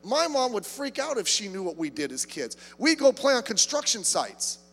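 A man's voice: sits high, very animated, moderate pace, in a large hall, soft background music. A man preaching a sermon as pastor, emphatic, often repeating words as he starts a phrase.

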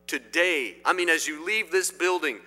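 A middle-aged man from Indiana preaching a sermon in a church, swinging between loud declarations and quiet asides. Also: a little high, normal speed, soft background music. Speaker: pastor. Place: church sanctuary. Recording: long hall reverb.

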